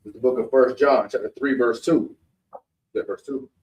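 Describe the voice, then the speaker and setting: A man's voice: medium pitch, fairly even intonation, normal speed, a little mellow, a little hiss or hum. A man reading scripture verses aloud, repeating them plainly on cue. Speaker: scripture reader. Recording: echoey room, far from the mic.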